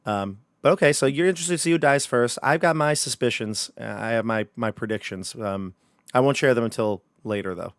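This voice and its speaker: A game master runs a livestreamed tabletop horror game, chatting and joking with his players. His mid-range voice moves a little fast, and the studio-quality recording has no room sound.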